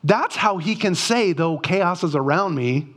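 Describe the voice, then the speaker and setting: A man's voice: high voice, lively intonation, unhurried, fairly bright tone. A man giving a devotional Bible teaching, reading passages aloud and asking earnest rhetorical questions.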